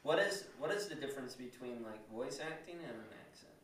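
A man's voice: medium pitch, animated, brisk, fairly bright tone, far from the mic, slight background noise. A man asking curious questions in a casual podcast chat. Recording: very echoey, off-mic.

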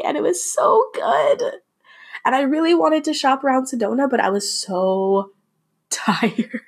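A woman's voice: on the high side, lively intonation, takes it slowly. A young adult woman hosting a podcast, telling a personal story in a candid, emotional way, swearing and restarting as she goes.

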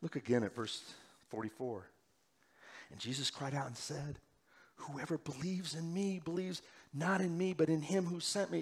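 Male pastor, middle-aged, fairly high voice; urgent sermon delivery that swings from loud to hushed. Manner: swings between loud urgent preaching and quiet hushed stretches.

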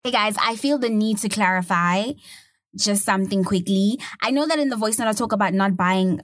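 A young woman hosting her own podcast, talking casually with lively slang and quick asides. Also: mid-range voice, dry recording, studio quality. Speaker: podcast host.

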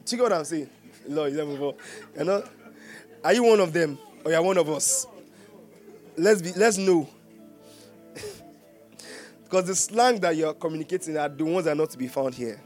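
A man's voice: fairly high pitch, moderate pace, pauses often, a little mellow, faint music behind. A man with a Nigerian accent preaching a sermon as pastor, joking and laughing often and asking the congregation questions.

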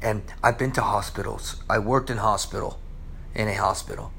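A man preaching a sermon, reading scripture and commenting on it, swinging between loud exclamations and low, hushed asides. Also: fairly even intonation, normal speed, creaky, a little hiss or hum. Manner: reads scripture aloud and comments on it.

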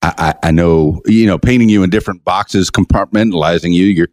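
A man's voice: sits low, brisk, darkish tone. A man hosting a casual podcast interview, chatty and jokey, often repeating words as he goes. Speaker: podcast host.

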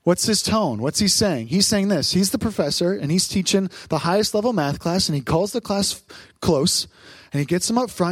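High-voiced preaching man, dry sound. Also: moderate pace, breathy edge, no room sound. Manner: lively preaching, acting out voices and asking the crowd. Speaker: pastor. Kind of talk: sermon.

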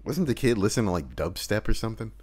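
A young man from Tennessee co-hosting a casual podcast, dropping laid-back, low-key remarks and laughing along. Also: very animated, fast talker, a little mellow. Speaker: podcast co-host. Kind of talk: casual crude chat.

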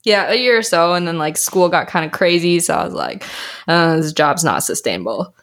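A young adult woman, a health coach, chatting in an interview and acting out quotes from her past. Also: a little fast. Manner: animated storyteller, acts out quotes in a higher voice. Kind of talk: casual interview chat.

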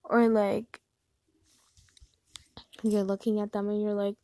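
A woman's voice: medium pitch, level tone, slow, long pauses, warm tone, no echo. A young woman vlogger giving casual advice in a chatty, rambling way with lots of fillers. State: hiccups.

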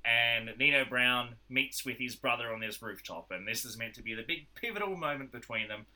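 A man's voice: mid-range voice, fairly quick. A man, casually recapping a film's plot for his co-hosts and acting out the quotes. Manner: animated retelling with acted-out quotes. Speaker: podcast host recapping a film. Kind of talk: casual storytelling chat.

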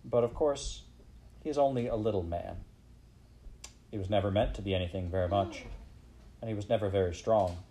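A man voicing a gentle but authoritative male figure who sounds hopeful and sad, in an audiobook. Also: fairly low pitch, a little fast, pauses often, a little hiss or hum, close to an everyday voice, rough recording. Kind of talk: audiobook character reading.

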